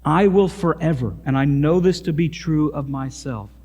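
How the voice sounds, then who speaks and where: A man from Missouri with a Missouri accent preaching a sermon as pastor, earnest and emphatic, becoming lively in his asides. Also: a little high, moderate pace, husky. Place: church sanctuary. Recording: long church reverb.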